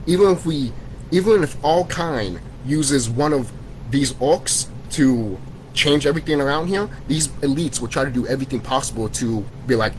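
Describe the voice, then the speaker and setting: A man's voice: medium pitch, moderate pace, slight background noise, poor audio. A man in an angry vlog rant, swearing constantly, repeating himself and restarting sentences as he scolds his viewers. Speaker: vlogger. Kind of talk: profane conspiracy rant to camera.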